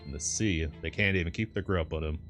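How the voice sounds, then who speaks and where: The same deep-voiced reader takes the old sailor up a notch, fast and fairly bright, still weighty but pitched above his natural tone. The character rants, grumbling and scornful in heavy rustic dialect, while soft music plays beneath the story.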